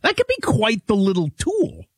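A talk radio co-host riffing in a loose, rambling, wry way. His voice is slightly husky and moves up and down a lot. The studio sound is dry and close. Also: high voice, huge pitch swings, normal speed, dry recording. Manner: rambling, wry, many fillers. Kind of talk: casual talk radio banter.

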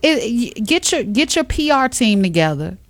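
A woman hosts an afternoon radio show, chatting with a co-host in an animated, emphatic way. Her voice sits at a middle pitch. It is recorded dry and close, with no room sound. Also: normal speed, no echo. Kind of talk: casual radio chat.

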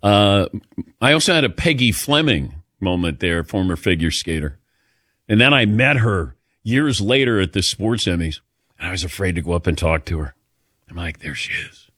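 A man's voice: sits low, expressive, moderate pace, a bit bright, dry recording, studio quality. A man hosting a sports talk radio show, chatting casually in a jokey, self-deprecating way and reading ads. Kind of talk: casual radio chat and live ad reads. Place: radio studio.

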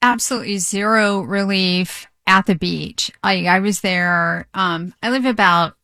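A woman's voice: mid-range voice, measured pace, bright, forceful tone, no room sound. A woman chatting casually as a talk-show regular, emphatic and chatty.

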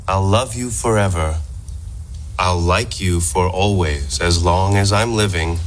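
A man performing a slow, dramatic reading of a children's storybook, in a clip played with music underneath. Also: low-pitched, fairly bright tone. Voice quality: slow, heavy, lingering.

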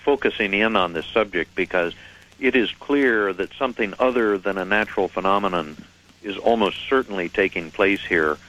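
A man appearing as a guest on a radio show, explaining things in a measured, articulate and precise way. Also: sits low, bright, forceful tone, highs cut off. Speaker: radio guest, head of a UFO reporting center. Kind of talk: phone-in radio interview.

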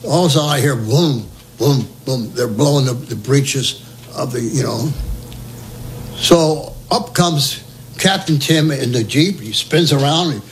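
A man's voice: mid-range voice, measured pace, a little hiss or hum, poor audio. An older man telling a war story for an oral history recording, humorous, acting out the dialogue. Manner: lively, humorous, acts out dialogue.

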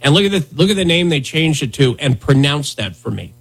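A man's voice: a little high, expressive, a little fast, creaky, breathy edge. A man in his thirties hosting a podcast in casual comedic chat, sarcastic and rambling with jokey asides. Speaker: podcast host.

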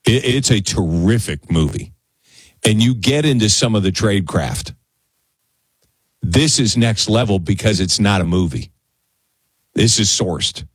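A man's voice: on the low side, a little slow, pauses often, breathy edge, no room sound. A male radio talk show host speaking conversationally into a studio microphone, often repeating words as he gets going. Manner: conversational, stammers and repeats words when excited. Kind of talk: casual talk radio monologue. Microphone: studio broadcast mic.

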